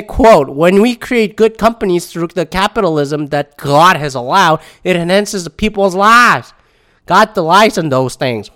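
A man's voice: on the high side, clear, resonant tone. A man reading a news article aloud and breaking off into profane, rambling, sarcastic asides in casual commentary.

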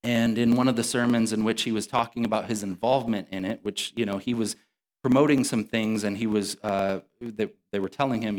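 A man's voice: medium pitch, a little fast. A male pastor delivering a sermon in a church. He speaks conversationally and explains each point step by step, sometimes restarting a phrase mid-thought. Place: church sanctuary.

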